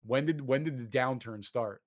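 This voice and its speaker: Male host, mid-pitched, ranting loosely about games, cursing freely. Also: normal speed. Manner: animated ranting, swearing, lots of fillers. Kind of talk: casual chat.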